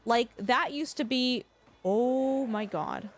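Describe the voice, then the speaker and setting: A woman's voice: fairly high pitch, slow, faint music behind. A woman chatting through a live game stream, rambling and gushing with lots of filler words. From Canada. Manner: gushing, effusive toward viewers. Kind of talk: live gameplay commentary.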